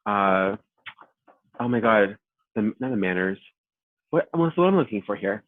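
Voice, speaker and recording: Man, thirties, podcast guest, animated storyteller, tinny phone-like sound. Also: fairly low pitch, measured pace, dry recording. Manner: animated storyteller, acts out quoted voices. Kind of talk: casual podcast chat. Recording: tinny phone-like line, dry.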